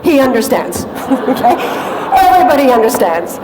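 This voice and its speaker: A woman giving a prepared talk to an audience, telling stories in a lively way and asking the audience questions. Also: high voice, moderate pace, a loud crowd. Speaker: public speaker. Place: large lecture hall. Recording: reverberant hall, faint noise.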